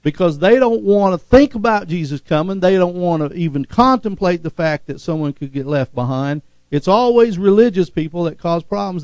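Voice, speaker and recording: A man preaching a sermon, calling for amens from the congregation and swinging from loud, fervent passages to quiet, lowered ones. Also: no room sound, poor audio. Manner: call-and-response preaching, rising to shouts then dropping low. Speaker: pastor.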